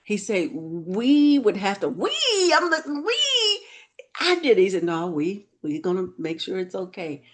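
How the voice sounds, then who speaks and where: A woman with a lowish voice hosts a casual conversation. She tells stories with lots of energy, and her pitch leaps up when she is excited. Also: normal speed, hardly any pauses. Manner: animated storyteller, voice jumps up when excited. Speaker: host. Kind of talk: casual chat.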